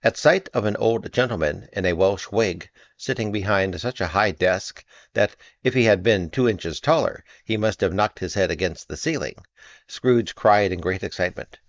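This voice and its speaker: Deep-voiced man reading a classic tale. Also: dry recording, dull audio. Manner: measured, expressive storytelling. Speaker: narrator. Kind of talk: audiobook reading.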